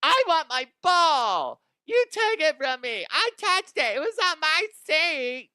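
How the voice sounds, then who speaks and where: A man's voice: extremely high pitch, very animated, takes it slowly, pushed and bright, no room sound, clean studio sound, voice pushed up, full character voice. A man putting on the voice of a petulant, entitled woman who whines about a ball. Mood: whining. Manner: whiny, petulant, mocking. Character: shrill entitled adult woman demanding her ball.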